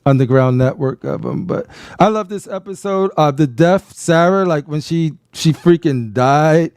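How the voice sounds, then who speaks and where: Man, casual show chat, smooth clear voice, slightly high, dry close sound. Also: no echo. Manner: animated, acts out scenes in quick voices. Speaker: podcast co-host. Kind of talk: casual watch-along chat.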